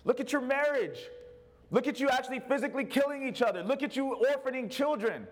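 God speaks as an insistent host who pleads with those who won't come. The voice sits well above the speaker's usual pitch and pushes forward with urgency, put on by a preacher in the middle of a sermon. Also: male voice, a little fast, low-quality recording. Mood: pleading, indignant.

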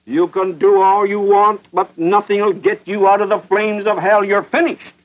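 A man with a high voice preaches with fierce emphasis, driving each point home through repetition and pointed questions. The sound is muffled and dull, like an old radio broadcast. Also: little pitch movement, moderate pace. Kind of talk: fervent radio sermon.

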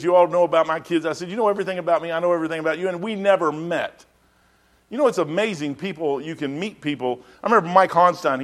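A middle-aged man, preaching a sermon as a pastor in a folksy, rambling storytelling way. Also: on the high side.

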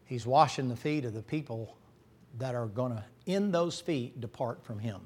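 A middle-aged man preaching a folksy, joking sermon that climbs to loud, shouting peaks. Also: mid-range voice, lively intonation, normal speed. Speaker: pastor.

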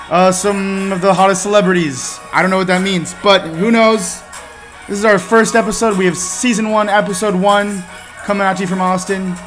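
A man hosting a podcast, reading a jokey mock radio introduction in announcer style. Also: sits high. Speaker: podcast host.

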